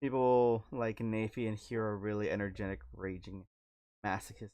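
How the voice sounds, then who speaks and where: A man talks loosely on a gaming livestream, his voice sitting on the low side. He rambles, jokes and trips over his words as he restarts sentences. The sound is dry and close, with no room around it. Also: steady tone, normal speed, a little mellow, clean tone, no room sound. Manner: rambling, joking, stammering restarts. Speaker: streamer. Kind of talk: casual livestream chat while gaming.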